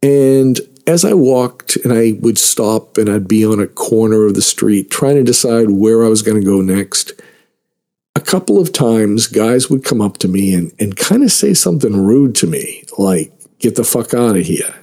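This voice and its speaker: A man tells a personal story in a relaxed, self-mocking way, chuckling between lines. His voice sits fairly low and sounds warm and mellow rather than bright. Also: normal speed.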